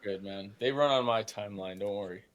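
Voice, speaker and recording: Animated young man telling stories. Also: fairly low pitch, a little fast. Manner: animated storytelling, mocking quoted voices, says dude. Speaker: podcast guest. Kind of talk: casual interview chat.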